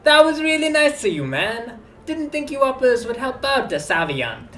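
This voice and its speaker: Man putting on an excited high-pitched street guy. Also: moderate pace, exaggerated voice. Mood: excited, grateful. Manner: excited, grateful, street-casual. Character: friendly young man from a poor district. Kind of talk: reading game dialogue aloud.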